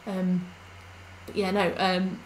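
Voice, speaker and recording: A woman's voice: lowish voice, monotone, takes it slowly, slight background noise, poor audio. A young woman chatting casually on a live stream while she plays, rambling through stories with lots of fillers.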